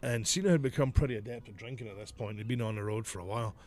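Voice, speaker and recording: A man with a fairly low voice tells a rowdy story on a podcast at a rapid-fire pace. He's animated and casual, swearing often and laughing through the telling.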